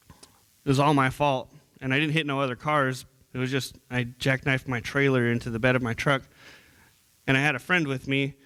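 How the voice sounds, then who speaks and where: Preaching to his church as a youth minister, this young man keeps his sermon sincere and conversational, frequently restarting sentences and saying words twice. He has a medium-pitched, fairly bright voice.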